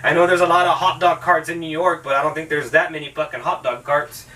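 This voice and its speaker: Sarcastic dude trashing a movie, cussing constantly, sharp bright tone. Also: male voice, a little high, level tone, fast talker, recorded from a distance, low-quality recording. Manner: sarcastic, heavy swearing. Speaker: film reviewer, channel host. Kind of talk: casual movie review rant.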